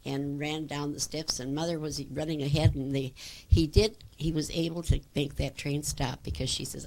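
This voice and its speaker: An older woman reminisces in an oral history interview, her voice very low and gravelly. She rambles through memories with fillers and restarts, and a faint hiss sits under the recording. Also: level tone, moderate pace, a little mellow.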